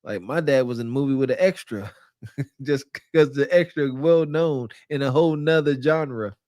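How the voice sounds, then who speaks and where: A man's voice: mid-range voice, moderate pace, a little mellow, no echo, clean studio sound. A man hosting a podcast, giving teasing, incredulous reaction commentary and laughing at what he hears. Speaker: podcast host.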